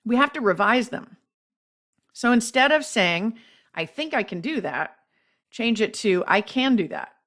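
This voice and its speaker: A woman podcast host reading a scripted explanation of speech tips in a measured, instructive way. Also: fairly high pitch, very animated, a bit bright.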